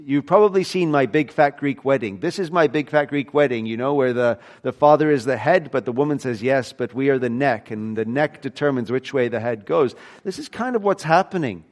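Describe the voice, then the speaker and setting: A male preacher delivering a sermon, expounding scripture line by line. He shifts between raised, emphatic bursts and hushed, lower-voiced stretches. His pitch sits in an ordinary middle range. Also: animated, fairly quick, few pauses. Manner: expository preaching, swings between loud emphatic and quiet low passages.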